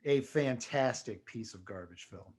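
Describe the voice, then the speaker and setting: A man's voice: medium pitch, unhurried, darkish tone, husky. A man co-hosting a podcast, chatting casually with a dry, wry sense of humor. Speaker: podcast co-host. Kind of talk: casual chat.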